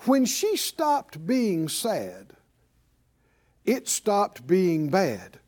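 High-voiced lively man preaching a sermon. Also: drawn-out words. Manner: conversational preaching, calls out to congregation.

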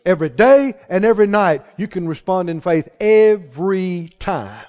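A man's voice: high-pitched, very animated, moderate pace, darkish tone. A man preaching a sermon as pastor, folksy and emphatic, building to exhortation, recorded in a church sanctuary. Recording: dull, reverberant church hall recording.

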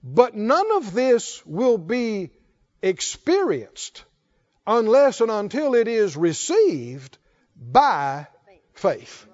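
A male pastor preaching a sermon, slow and emphatic, rising to fervent calls to his congregation. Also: sits high, very animated, a little mellow, highs cut off.

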